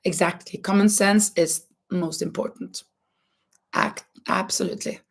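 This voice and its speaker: A woman whose first language is Norwegian, hosting a casual crafting livestream and chatting in a halting way, with many restarts and a lot of laughter. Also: fairly low pitch, fairly even intonation, gravelly. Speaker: livestream host and schoolteacher. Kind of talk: casual chat while crocheting.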